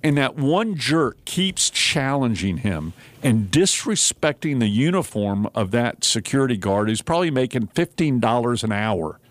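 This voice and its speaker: A man hosts a talk radio show into a studio microphone. He talks at a middling pitch, chatty and animated, and jumps into raised voices to act out what people said. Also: measured pace, few pauses, no room sound. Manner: animated storyteller, acts out quotes in raised voices. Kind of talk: casual talk radio chat.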